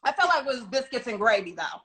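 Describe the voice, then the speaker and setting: A woman's voice: fairly high pitch, very animated, fast, fairly bright tone, husky. A woman hosting a casual live video chat interview, reading out trivia questions and laughing along. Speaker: interview host. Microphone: phone or laptop on a live video call.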